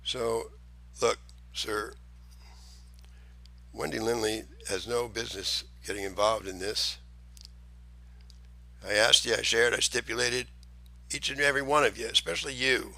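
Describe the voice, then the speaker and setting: A man's voice: medium pitch, animated, normal speed, vocal fry, long pauses, bright, forceful tone, no echo. A man delivering an angry, heated monologue, profane and accusing, talking straight at the person he blames.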